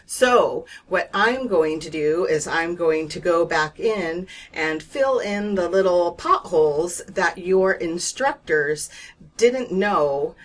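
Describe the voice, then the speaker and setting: Brief: female reading tutor, slightly low voice, unhurried and reassuring delivery. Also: expressive. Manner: slow, patient, reassuring explanation with demonstrated whispers. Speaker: reading teacher. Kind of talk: instructional video lesson.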